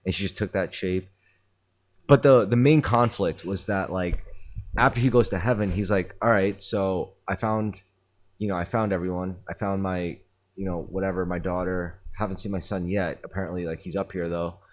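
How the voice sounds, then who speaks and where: A man's voice: low-pitched, fairly even intonation, normal speed. A man hosting a podcast, retelling a story in a rambling casual way with lots of fillers and swearing. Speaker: podcast host. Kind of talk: casual chat.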